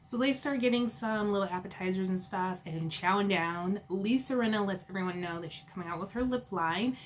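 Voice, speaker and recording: A young woman recapping a reality show episode in a chatty, casual way, full of fillers and quick laughs. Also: mid-range voice, a little hiss or hum.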